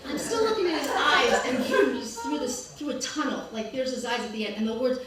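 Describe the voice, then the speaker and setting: A woman's voice: high voice, fairly quick. Wry woman storyteller in an echoey hall. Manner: wry, self-mocking, lively quoted asides. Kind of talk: live storytelling to an audience. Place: art gallery event space. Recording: very echoey room, distant mic, noise.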